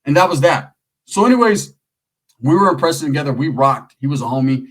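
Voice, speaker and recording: Middle-aged Californian man, streetwise storyteller, husky and slightly high. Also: fairly quick, poor audio. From Merced area, California. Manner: streetwise slang, profane, animated. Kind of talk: casual storytelling.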